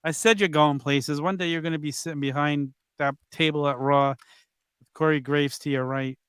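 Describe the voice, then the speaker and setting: A man chatting on a podcast with a slightly higher-pitched voice. He is eager and teasing, and he piles on praise. The recording is close and dry. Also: steady tone, moderate pace, a bit bright, smooth, dry recording. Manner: enthusiastic, heaps praise, teasing. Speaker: podcast co-host. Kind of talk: casual chat.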